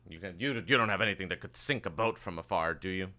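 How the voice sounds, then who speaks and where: A man voicing a gruff, cursing sea captain with a deep, bright voice. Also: fast talker. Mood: wary. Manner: grumbling, profane, worried.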